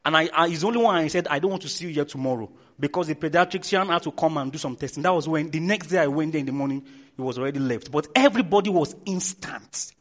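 A man with a Nigerian accent preaching as a pastor, telling stories with lots of energy and loud repeated calls. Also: on the high side, fast talker. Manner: animated storytelling, shouting repeated commands. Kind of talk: sermon.

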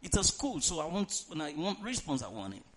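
High-pitched, lively preacher man. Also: brisk. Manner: emphatic, calls for congregation responses; reads scripture aloud in a dramatic tone. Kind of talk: sermon.

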